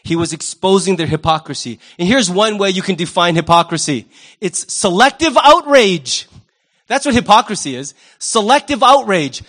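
A male pastor preaching a sermon in an animated, wry way, often jumping into quoted voices. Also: sits high, normal speed.

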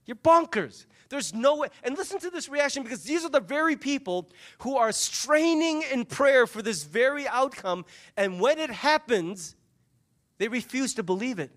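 Animated high-voiced male preacher. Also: normal speed. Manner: animated storytelling, acting out voices of the people in the story. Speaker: pastor. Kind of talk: sermon.

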